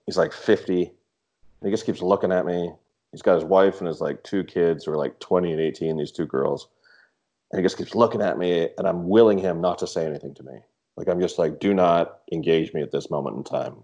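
A Canadian man, a podcast guest and author, chatting casually and telling animated stories with plenty of swearing. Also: low voice, a little fast. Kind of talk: casual chat.

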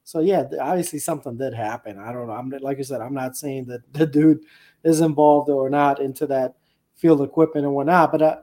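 A man's voice: medium pitch, fairly quick. Male podcast guest with a mid-range voice, worked up, swearing freely, laughing through his rant. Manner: animated, profane ranting with frequent laughs. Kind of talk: casual podcast chat.

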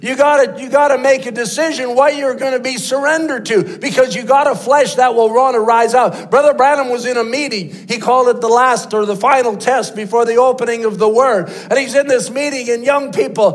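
A man preaching a sermon, telling a story with passion, often repeating and restarting his words. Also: extremely high pitch. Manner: impassioned, with frequent repeats and restarts.

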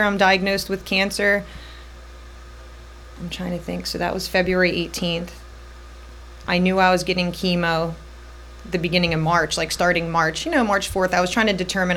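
A woman's voice: fairly low pitch, little pitch movement, pushed and bright, a little hiss or hum. A woman in her thirties telling her personal story as a podcast guest, jumping around between moments and quoting the people involved. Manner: tells her story in quick, looping bursts, voicing others in her quotes.

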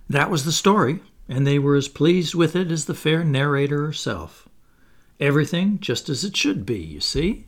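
Husky-voiced man narrating a classic story. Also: fairly high pitch, big pitch swings, moderate pace. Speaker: audiobook narrator. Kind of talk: scripted narration.

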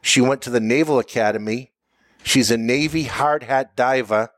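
A middle-aged man, a military veteran, answering interview questions and telling stories in a measured way, often pausing with "uh". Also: medium pitch, no room sound. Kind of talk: relaxed interview answers, storytelling.

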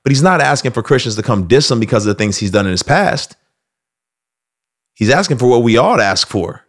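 A man hosting casual faith commentary, telling stories in an animated way and slipping into acted voices. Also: mid-range voice, brisk. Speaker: host.

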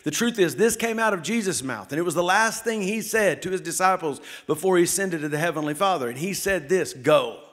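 A man with a high voice delivers an energetic sermon from a church sanctuary. He speaks quickly and excitedly, calling out to the congregation to clap and answer. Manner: fast, excited preaching with calls to the congregation. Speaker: lead pastor.

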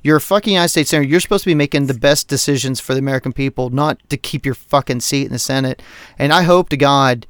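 A man co-hosting a podcast, ranting about politics in a heated, profane, animated way. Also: medium pitch, fast talker, clear, resonant tone, no echo. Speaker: podcast co-host. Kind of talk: casual political rant.

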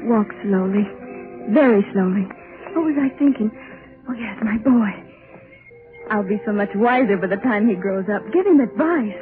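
A woman's voice: medium pitch, lively intonation, normal speed, long pauses. A woman speaking an anxious inner monologue in an old-time radio drama, fighting back tears. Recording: tinny lo-fi old radio recording with music.

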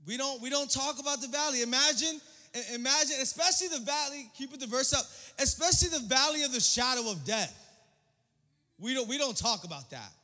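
Young male pastor preaching in a reverberant hall. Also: very high voice. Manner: energetic, swings from hushed to shouting; casual slang, repeats phrases. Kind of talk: sermon. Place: church hall.

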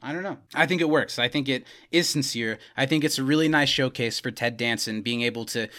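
Bright-voiced young podcast host. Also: male voice, mid-range voice. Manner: animated, quick recaps with acted quotes. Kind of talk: casual chat recapping a TV episode.

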